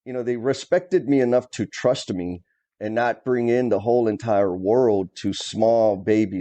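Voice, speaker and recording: A man's voice: fairly low pitch, dark tone. A middle-aged man, a former plumbing superintendent, telling stories from the trade in a casual, blunt way, with mild cursing. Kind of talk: casual conversation.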